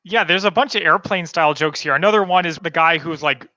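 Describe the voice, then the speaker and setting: A man's voice: on the high side, fast talker, pushed and bright, no room sound, muffled recording. A man co-hosting a podcast, casually chatting about a movie with wry, sarcastic asides. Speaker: podcast co-host. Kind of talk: casual chat about a film.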